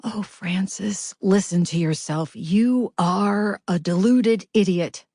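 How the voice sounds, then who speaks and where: A woman's voice: mid-range voice, slow, dark tone, no room sound, studio quality, voice pushed up. A woman narrator voicing a fifty-five-year-old author who mutters to herself, fretful and self-critical.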